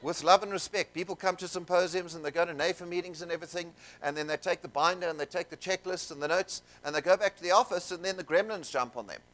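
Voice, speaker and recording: A man telling stories to a seminar audience, animated and jokey, with asides to the crowd in a conference room. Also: high-pitched, quick pace, hardly any pauses. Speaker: seminar speaker. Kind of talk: keynote storytelling to an audience.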